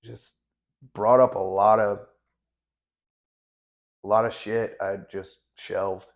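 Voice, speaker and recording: A gravelly, fairly low-pitched man in his thirties speaking as a veteran corpsman guest. He tells his story in a blunt, matter-of-fact way, restarting his sentences often. His delivery stays flat, with little rise and fall. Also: slow pace, muffled recording. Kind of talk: candid conversational storytelling.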